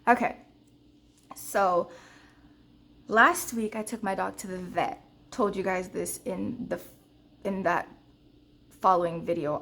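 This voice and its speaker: Chatty woman vlogger telling a storytime. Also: gravelly. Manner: animated storytelling, addresses viewers directly; counts cash in a low murmur. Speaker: budgeting vlogger. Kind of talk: casual chat and storytime.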